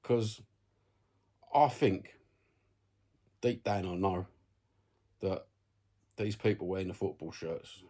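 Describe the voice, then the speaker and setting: This Cockney vlogger sits at home delivering a sweary, blunt, chatty rant to camera, frequently asking "you know what I mean." He talks slowly in a low, dark voice, leaving long pauses.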